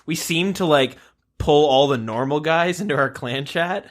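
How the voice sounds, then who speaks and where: A man with a somewhat high voice co-hosting a casual podcast. He chimes in with short reactions and dry, quick one-liners. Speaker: podcast co-host. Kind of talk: casual chat.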